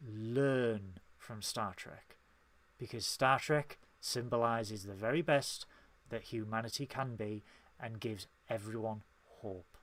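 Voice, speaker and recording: A man's voice: lowish voice, slow pace, a bit bright. A man with a Northern English accent, co-hosting a casual podcast and speaking in an impassioned, emphatic way. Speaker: podcast co-host.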